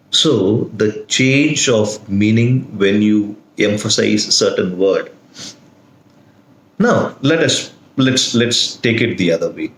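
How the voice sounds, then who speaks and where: Slow, emphatic male lecturer in echoey room. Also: fairly low pitch, fairly bright tone, a little hiss or hum. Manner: slow, deliberate, with strong emphasis on single words. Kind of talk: recorded video lesson.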